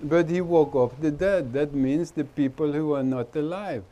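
A man's voice: a little high, moderate pace, warm tone. A man with an Indian accent, a spiritual teacher giving an informal, teasing talk to a gathering and laughing often. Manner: chatty, teasing, laughs often, nonnative grammar.

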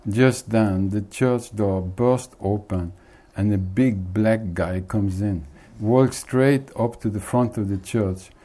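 A man's voice: lowish voice, mellow. A man who is a spiritual teacher, chuckling as he tells a joke in casual talk. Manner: unhurried, chuckling often.

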